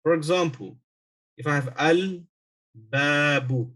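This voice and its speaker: A man teaching an online Arabic lesson, explaining step by step and slowly repeating example words. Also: medium pitch.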